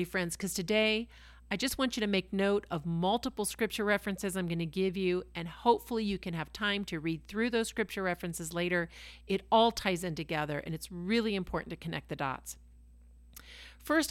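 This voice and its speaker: Enthusiastic woman teaching scripture, low-pitched voice. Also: no room sound. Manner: enthusiastic, exclaims and asks rhetorical questions. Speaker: Bible teacher and podcast host. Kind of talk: scripture reading and devotional teaching.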